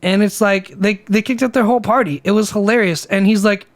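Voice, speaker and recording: A man's voice: high-pitched, fairly quick. A young man co-hosting a podcast, telling a story in a casual, profane way and packing it with "like" fillers. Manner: animated, profane, filler-heavy retelling. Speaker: podcast co-host. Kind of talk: casual storytelling over beers.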